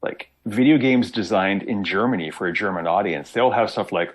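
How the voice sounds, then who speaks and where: A man talking as a guest on a casual podcast, telling lively stories and acting out quotes. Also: fairly low pitch, normal speed, few pauses, husky, rough recording. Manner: animated storyteller, acts out quotes. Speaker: guest game designer.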